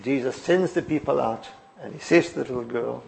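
A man preaching a sermon, telling the stories expressively, dropping soft and quiet and then rising to emphatic lines. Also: medium pitch, brisk, vocal fry, slight background noise.

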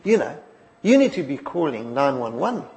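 A man preaching a sermon, telling the stories expressively, dropping soft and quiet and then rising to emphatic lines. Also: mid-range voice, very animated, moderate pace.

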